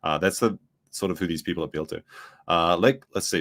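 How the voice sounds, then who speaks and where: A man's voice: low voice, steady tone, a little fast, fairly bright tone. A man giving casual, rambling reaction commentary, full of fillers. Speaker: commentary streamer.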